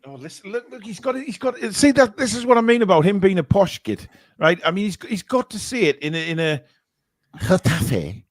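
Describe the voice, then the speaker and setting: A fast-talking man with a high voice and lively intonation runs a charity live stream, reading out donations in casual chat. He laughs at cheeky remarks and meets super chats with mock outrage, and the audio has no echo.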